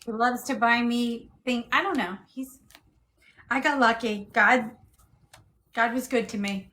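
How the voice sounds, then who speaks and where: A woman on a podcast, talking affectionately about her partner and piling up warm words. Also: on the high side, a little slow, rough recording. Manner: gushing, affectionate, piles up adjectives. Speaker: guest. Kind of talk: casual chat.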